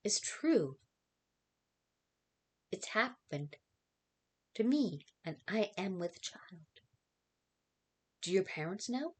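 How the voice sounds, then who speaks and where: A woman reading aloud as a frightened young girl, halting and pleading, in a dramatic reading of a novel. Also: mid-range voice, big pitch swings, a little mellow, husky, heavily acted. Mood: anxious.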